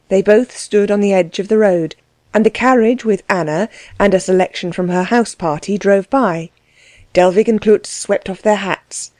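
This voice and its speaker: A woman narrating a novel aloud in a measured, expressive reading. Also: mid-range voice, dry recording. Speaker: audiobook narrator.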